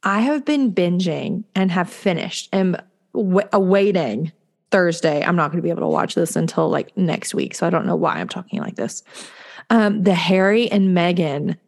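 A woman's voice: lowish voice, moderate pace, creaky, a little mellow. A young woman, a therapist, chatting casually and rambling with her father. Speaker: mental health therapist. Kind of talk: casual family chat.

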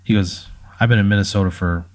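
Host type, low male voice, casual comic storyteller who voices the characters himself. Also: fairly even intonation, fast. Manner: spins a story in second person, acting out other characters' lines. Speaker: podcast host telling a hypothetical.

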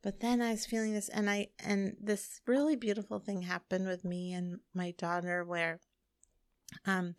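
A middle-aged woman talks through a long personal story in loose, rambling chat, her voice carrying a gravelly fry. The sound is dry and close, with no room around it. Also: lowish voice, no room sound. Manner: chatty, rambling with frequent "like" and laughs. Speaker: podcast co-host. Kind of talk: casual chat.

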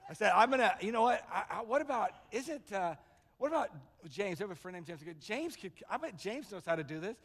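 High and fast, a man's voice preaches from a church sanctuary with long hall reverb. The pastor tells his stories with animation and acts out the voices of the people in them.

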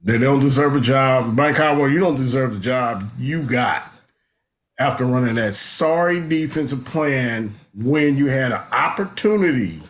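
Male podcast co-host, casual sports talk, relaxed and rambling. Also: medium pitch, a little slow.

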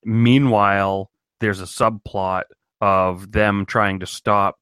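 A man's voice: lowish voice, steady tone, slow, fairly bright tone, clear, resonant tone, no echo. A man co-hosting a casual podcast chat, joking in a dry, sarcastic way. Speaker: podcast co-host. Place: home in Maine.

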